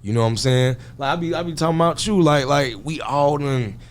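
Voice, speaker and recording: A man's voice: fairly high pitch, a little fast. Laid-back man telling stories. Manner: laid-back, storytelling, slangy. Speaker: interview guest. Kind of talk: casual interview talk.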